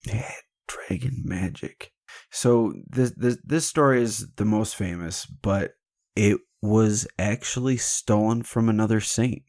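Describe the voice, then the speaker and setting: In a dry, studio-quality recording, a man hosts a podcast with a lowish, darkish voice and a slow pace. He retells a legend casually and irreverently, joking around and swearing freely.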